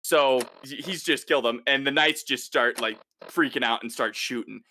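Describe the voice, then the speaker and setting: A man's voice: medium pitch, moderate pace, a little hiss or hum. A man co-hosting a podcast, casually recapping an episode and acting out the characters' lines as he goes. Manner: animated retelling, acts out the characters' lines. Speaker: podcast co-host.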